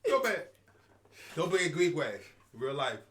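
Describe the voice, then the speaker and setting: A man's voice: medium pitch, normal speed, heavy background noise. A man co-hosting a podcast, chatting in an easygoing, slangy way and laughing often. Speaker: podcast co-host. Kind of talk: casual chat.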